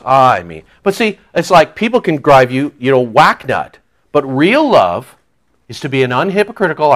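A male pastor preaching a sermon in an animated, joking way, acting out quoted voices. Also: fairly high pitch.

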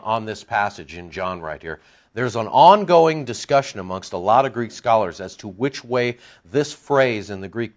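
A male preacher works through scripture in an expository sermon. His delivery is lively and wide-ranging, rising to emphatic peaks and dropping to low, confiding asides. The recording sounds dull and lo-fi. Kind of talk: expository Bible teaching sermon.

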